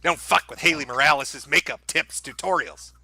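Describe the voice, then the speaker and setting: A man's voice: a little high, normal speed, gravelly, pushed and bright, dry recording. A man hosting a casual commentary show, reacting to social media posts in a sarcastic, profane, mocking way.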